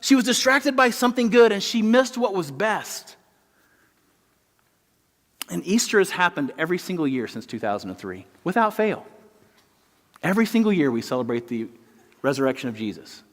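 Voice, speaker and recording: Long reverb from a big church hall carries the high, for a man, voice of a middle-aged pastor preaching with animation. He speaks at normal speed with long pauses, telling stories through lively rises and hushed drops.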